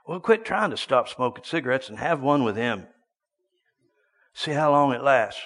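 Preacher in a reverberant hall. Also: male voice, medium pitch, animated, normal speed. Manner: storytelling, swinging from hushed to loud bursts. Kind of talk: sermon.

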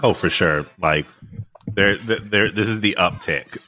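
A man's voice: fairly low pitch, measured pace, pushed and bright, soft background music. A man co-hosting a podcast, talking casually and agreeably, with hesitant restarts. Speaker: podcast co-host. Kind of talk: casual chat.

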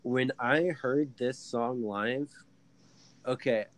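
Man, casual podcast chat, animated storyteller, plenty of um and like. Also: medium pitch, slow pace, low-quality recording. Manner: animated storyteller, many fillers. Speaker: podcast co-host.

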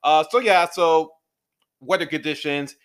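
A man co-hosting a casual movie review podcast who retells scenes with lively acted-out quotes. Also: a little high, measured pace, smooth. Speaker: podcast co-host.

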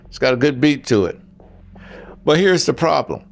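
A man's voice: mid-range voice, lively intonation, normal speed, vocal fry. An older man giving blunt relationship advice in a casual monologue, talking straight to the men listening and telling stories along the way. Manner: blunt, storytelling, talks straight to the guys.

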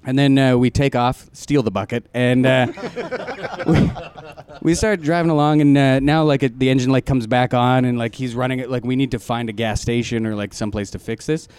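A man's voice: medium pitch, fairly even intonation, moderate pace, a little mellow. Chatty young man telling a story. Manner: rambling, laughs often, acts out quotes. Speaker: comedian. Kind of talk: storytelling in casual group chat.

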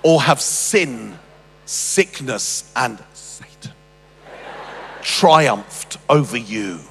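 A man imitating a triumphant celebrity preacher with a slow, drawn-out pulpit delivery. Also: mid-range voice, lively intonation, creaky, a bit bright, breathy edge, big-room sound, exaggerated voice. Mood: preachy.

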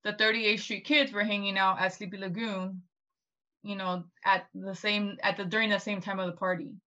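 Woman co-host, bright edgy tone, chatty and rambling, dull lo-fi audio. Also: mid-range voice, flat delivery, normal speed. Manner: rambling, full of "like" and restarts. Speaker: podcast co-host. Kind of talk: casual history discussion.

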